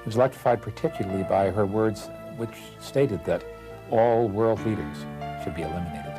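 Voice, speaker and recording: A man narrating a history documentary in a measured, deliberate way. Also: on the low side. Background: music.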